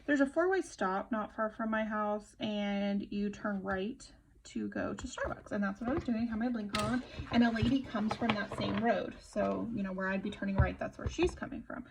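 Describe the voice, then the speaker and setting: A woman's voice: medium pitch, normal speed, noisy background. A young woman casually chatting and telling a rambling story while decorating her planner at home, full of fillers and self-interruptions. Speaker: planner vlogger.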